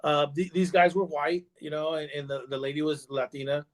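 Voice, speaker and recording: A man's voice: on the high side, flat delivery, a little fast. A man guest on a parenting podcast, telling a story casually with many fillers, restarts and "you know"s. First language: bilingual in Spanish.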